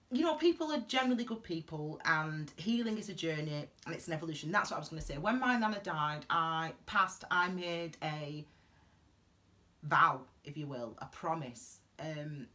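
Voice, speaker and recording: A woman gives earnest, heartfelt advice in a reflective vlog monologue, rambling and halting with frequent restarts and tangents. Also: deep voice, lively intonation, bright, forceful tone. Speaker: tarot reader giving advice.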